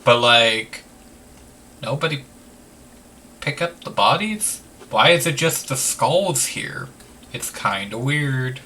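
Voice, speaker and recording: Slow-talking man rambling over gameplay. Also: medium pitch, animated, pushed and bright, far from the mic, a little hiss or hum. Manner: rambling, full of "like", swears casually. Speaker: let's play host. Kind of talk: casual gameplay commentary.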